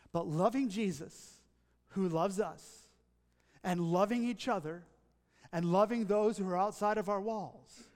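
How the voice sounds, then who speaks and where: Male pastor, high voice, rhythmic repeated phrases, reverberant hall. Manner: rhythmic, building repetition. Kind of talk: sermon.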